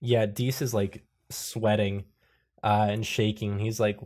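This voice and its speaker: A man's voice: lowish voice, level tone, takes it slowly, a little mellow. A man running a tabletop role-playing game as game master. He narrates loosely, swears, laughs, and breaks into sudden voices for the characters.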